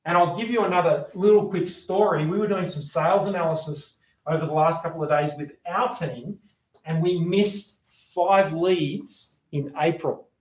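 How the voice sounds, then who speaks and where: A man giving a sales training talk, energetic, acting out sample phone calls as he explains. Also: fairly high pitch. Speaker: sales coach. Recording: roomy echo.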